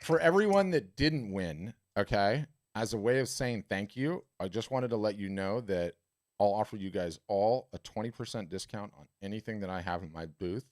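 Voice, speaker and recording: A man's voice: lowish voice, expressive, normal speed, darkish tone, lightly acted. A man voicing a polite English artist writing to buyers, in a put-on English accent. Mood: courteous.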